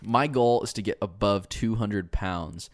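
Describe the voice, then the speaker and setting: Podcast co-host, male, low register, dry close sound, rambling and quick to laugh. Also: no echo. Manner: laughs often, rambling anecdotes. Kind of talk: casual chat.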